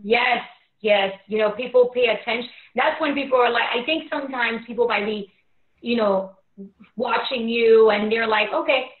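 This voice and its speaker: A woman's voice: a little high, fairly even intonation, normal speed. A woman hosting an interview, chatting and affirming her guest in a casual conversation. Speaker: host. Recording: tinny echoey phone-like line.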